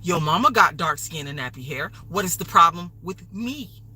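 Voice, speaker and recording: A woman's voice: lowish voice, expressive, moderate pace, pushed and bright, husky, low-quality recording. A woman hosting a livestream, delivering an angry, profane, repetitive rant. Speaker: livestream host.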